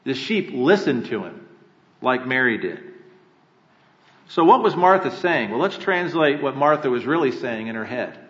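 A man's voice: medium pitch, very animated, moderate pace, fairly bright tone. A male pastor preaching a sermon with earnest rhetorical questions and emphatic repetition, in a church sanctuary. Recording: echoey hall, dull lo-fi sound.

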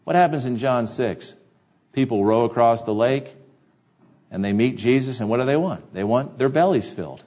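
A man's voice: mid-range voice, expressive, moderate pace, a little mellow, dull audio. A man preaching a sermon to his congregation, earnest and repeating key phrases for emphasis. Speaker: pastor. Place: church sanctuary.

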